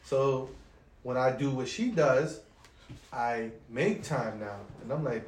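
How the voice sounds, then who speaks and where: A man's voice: mid-range voice, slow pace. A man on a podcast telling stories about his relationship in casual, profane chat, quoting his partner along the way. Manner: animated, profane storytelling that quotes his partner. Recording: roomy echo with faint noise.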